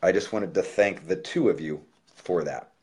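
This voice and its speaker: A man's voice: deep voice, moderate pace, darkish tone, breathy edge. A man, a musician, talking casually on a livestream and reading aloud a letter he wrote, swearing freely and speaking from the heart. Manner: profane, loose and heartfelt.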